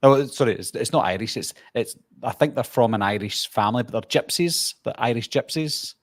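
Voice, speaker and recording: A man's voice: medium pitch, animated, a little fast, dry recording. A man from Glasgow with a Glaswegian Scottish accent, co-hosting a casual chat and giving firm opinions about films. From Scotland. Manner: chatty, opinionated about film. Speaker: podcast co-host.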